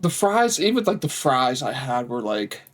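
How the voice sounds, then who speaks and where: A man from Ohio co-hosting a casual podcast, talking in relaxed slang with halting restarts. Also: mid-range voice. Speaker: podcast co-host. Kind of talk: casual chat.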